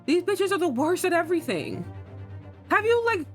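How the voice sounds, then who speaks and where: A young woman streaming a game, talking casually and excitably with lots of swearing, jumping between loud outbursts and low mutters. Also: normal speed. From United States. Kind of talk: casual let's-play commentary. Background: faint game music.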